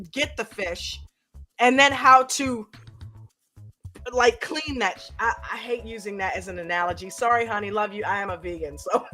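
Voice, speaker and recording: A woman hosting a live stream in a chatty, upbeat way, pitching memberships and calling people up to join her. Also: sharp tone. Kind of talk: casual live-stream chat.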